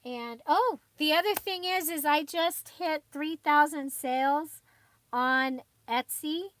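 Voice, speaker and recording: A woman's voice: high voice, slow pace, fairly bright tone. A woman hosting a crafting channel, chatting casually and rambling with frequent fillers and little laughs. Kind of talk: casual livestream chat.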